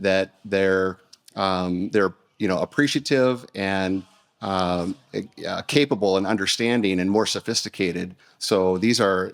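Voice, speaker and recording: A man speaking as a guest in a casual interview, thoughtful and often restarting his sentences. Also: sits low. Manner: thoughtful, many restarts and fillers. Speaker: podcast guest, company CEO.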